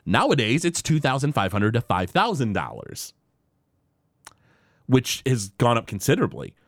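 A man chatting casually on a podcast, retelling a cartoon episode with lots of fillers and quick quoted bits. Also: mid-range voice, huge pitch swings, no echo, studio quality. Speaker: podcast host.

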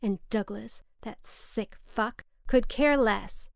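A woman's voice: a little high, slow, gravelly, dry recording, studio quality. A woman voicing her curt, indignant, hard-drinking mother, who swears freely and snaps back.

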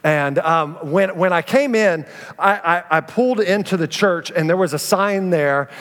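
A man preaching a sermon as pastor, telling stories with animated energy and acting out the voices of the people in them. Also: sits high, unhurried. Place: church sanctuary. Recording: reverberant church sanctuary.

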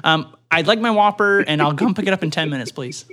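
A man's voice: a little high, a little fast, a bit bright, lightly acted. A man playing a pushy male customer ordering over the phone, hesitant yet insistent.

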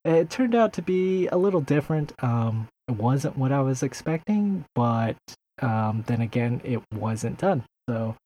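A man's voice: mid-range voice, expressive, unhurried, dark tone, a little hiss or hum. A man chatting casually on a podcast, rambling through his story with lots of fillers. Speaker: podcast co-host.

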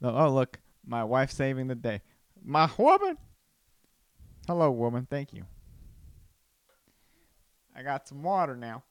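Playful rambling man, smooth dry voice. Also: mid-range voice, dry recording. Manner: rambling, playful, does silly voices and quick exclamations. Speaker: podcast host, comedian. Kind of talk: casual solo podcast musing. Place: home room. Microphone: studio microphone.

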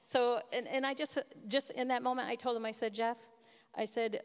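Female guest, gravelly tone, animated testimony, hall reverb. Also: fairly high pitch, moderate pace. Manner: emotional storytelling with laughs. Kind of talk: personal testimony.

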